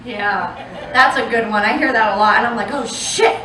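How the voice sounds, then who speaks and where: A woman's voice: a little high, fairly even intonation, fairly quick. A woman doing a stand-up comedy set on a club stage, chatty and profane as she confides in the crowd. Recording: roomy live club sound from a distant mic, loud crowd.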